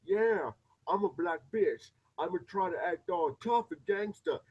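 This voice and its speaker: A brash, tough-acting reality-show woman, as a man puts her on in mockery. The voice jumps high and loud with exaggerated swagger. It comes through a dull, lo-fi recording. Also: animated, measured pace, slightly rough, heavily acted. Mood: mocking.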